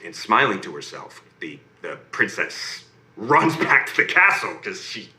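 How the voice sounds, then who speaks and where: A man telling a bedtime fairy tale, his voice leaping high and low through every line and pausing often to check in with "okay?" and "right?". His tone is bright and piercing, and a roomy echo surrounds him. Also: sing-song. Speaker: storyteller reading to a child. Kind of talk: bedtime story narration.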